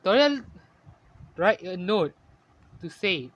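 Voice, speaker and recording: Slow, halting male fan-story narrator. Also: high voice, very animated, a bit bright. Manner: halting, ungrammatical, self-correcting.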